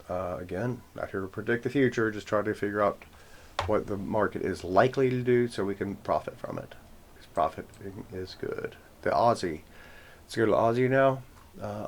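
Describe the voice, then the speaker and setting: A man hosting a forex trading channel, talking casually through his chart trend lines with rambling self-corrections and joking asides. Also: on the low side. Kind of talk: casual screen-share chart walkthrough.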